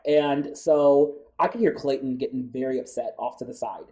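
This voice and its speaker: American man, very dark mellow tone, animated chatty storytelling, studio guest. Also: medium pitch, normal speed. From United States. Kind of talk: casual storytelling interview.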